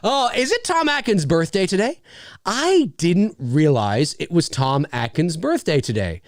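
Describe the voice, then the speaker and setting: A man's voice: high-pitched, sing-song, unhurried, no echo, studio quality. A man hosting a casual livestream, rambling enthusiastically and swearing freely as he reads viewer messages. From Canada. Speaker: livestream host.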